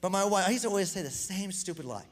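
High-voiced man preaching in a reverberant hall. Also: very fast. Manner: energetic, self-deprecating, repeats words when excited. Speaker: pastor. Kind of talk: casual conversational sermon.

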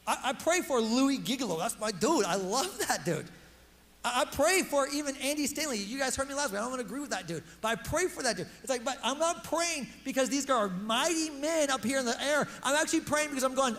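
A man's voice: extremely high pitch, animated, fairly quick, a bit bright. A male pastor giving a casual, conversational sermon. He is slangy and emphatic, repeats phrases and stumbles over words. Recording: long hall reverb with music underneath.

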